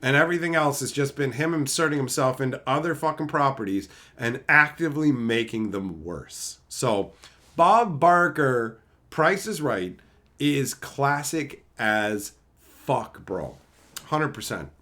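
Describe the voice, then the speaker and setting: A man streaming live, talking casually and profanely, mocking people and building into loud, shouted rants. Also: mid-range voice, lively intonation, unhurried. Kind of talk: casual livestream rant.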